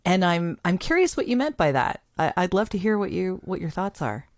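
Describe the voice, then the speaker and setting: A woman's voice: fairly low pitch, big pitch swings, a little fast, no echo, clean studio sound. A woman hosting a podcast interview, asking curious questions and laughing easily with her guest. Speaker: podcast host. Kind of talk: casual interview.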